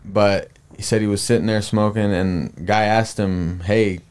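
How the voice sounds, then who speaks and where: A man's voice: fairly low pitch, fairly even intonation, a little slow, darkish tone, clear, resonant tone. A man co-hosting a casual podcast, a laid-back storyteller who rambles into asides. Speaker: podcast co-host.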